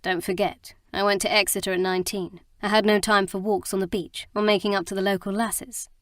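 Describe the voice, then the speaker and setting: A woman reading the part of a blunt, teasing young husband in an audiobook, in a gruff, frank manner and dry sound. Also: medium pitch, little pitch movement, a little fast, dry recording, lightly acted.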